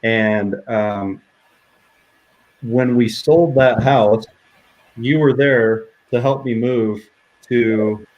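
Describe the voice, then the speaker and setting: A middle-aged man speaks over a video call at a moderate pitch. He talks haltingly, backs up to restart his phrases, and keeps breaking into laughter. He is a minister sharing a heartfelt story. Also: fairly even intonation, dull audio. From New Mexico, USA. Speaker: minister, interview guest. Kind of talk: casual heartfelt conversation.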